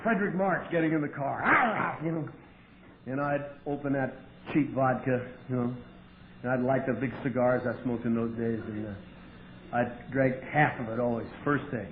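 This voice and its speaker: A man's voice: medium pitch, normal speed. Wry profane man on tinny old tape. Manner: wry, profane, animated storyteller with sudden loud outbursts. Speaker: AA meeting speaker. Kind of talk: storytelling talk at a recovery meeting. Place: meeting hall with audience. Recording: tinny lo-fi 1988 tape with faint hiss.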